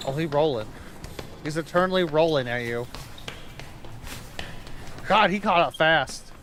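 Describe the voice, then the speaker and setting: A man's voice: fairly high pitch, animated, unhurried, fairly bright tone, a little hiss or hum. A young man casually commenting on a video as he watches it, joking and swearing a lot. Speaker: streamer reacting to a video.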